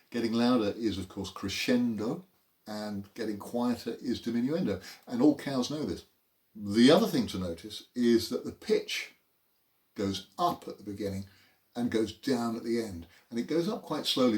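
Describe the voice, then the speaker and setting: A man's voice: mid-range voice, a little mellow. A man teaching a beginner cello lesson in an informal, explanatory way with dry, self-mocking humour. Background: cello playing between phrases.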